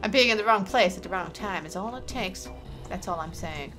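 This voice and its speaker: A woman's voice: mid-range voice, lively intonation, a little fast, fairly bright tone, soft background music, close to an everyday voice. A woman reading a stern small-town policewoman. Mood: menacing.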